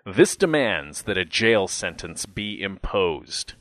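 A man voicing a stern elderly male judge, speaking in a formal, measured way. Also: sits low, sing-song, a bit bright, dry recording, heavily acted, rough recording.

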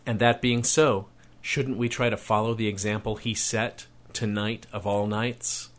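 A man's voice: lowish voice, level tone, measured pace, lightly acted. A man reading aloud and voicing a tired mother who scolds her son firmly but lovingly. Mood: stern. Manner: firm, scolding, tender underneath.

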